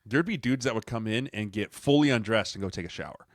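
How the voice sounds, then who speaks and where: A man's voice: lowish voice, fast, no echo. A man, a former football player co-hosting a podcast, telling locker-room stories in a chatty way. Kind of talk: casual chat.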